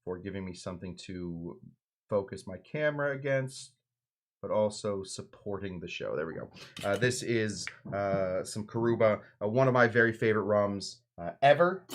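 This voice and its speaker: A man hosting a casual cocktail livestream from his bar, rambling with lots of fillers and self-deprecating jokes as he mixes a drink. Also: medium pitch. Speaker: cocktail show host. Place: home bar in Los Angeles.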